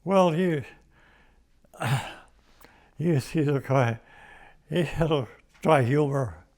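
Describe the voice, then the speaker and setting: A man's voice: on the high side, takes it slowly, darkish tone. An older American man telling war stories in an oral history interview, rambling with restarts and little chuckles. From United States. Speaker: veteran interviewee.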